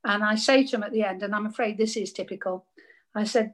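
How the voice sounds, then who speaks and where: An older woman, a radio actress, telling lively anecdotes in casual chat and laughing often. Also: mid-range voice, fast talker.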